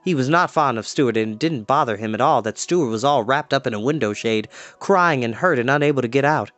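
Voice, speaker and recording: A storyteller reading a children's book aloud in an expressive, lively way. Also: mid-range voice, quick pace, dry recording, faint music behind.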